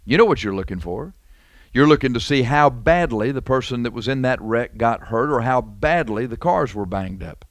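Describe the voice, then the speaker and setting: A man's voice: medium pitch, expressive, normal speed, no room sound. Emphatic preacher man, dry close sound. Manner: repetitive, emphatic, conversational with rhetorical questions. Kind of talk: sermon.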